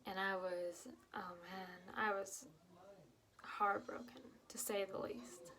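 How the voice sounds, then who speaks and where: A young woman telling her own painful story to camera, halting and emotional, with many fillers and restarts, dropping to a whisper at the hardest parts. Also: medium pitch, little pitch movement, crowd noise. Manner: drops to whispers at painful moments.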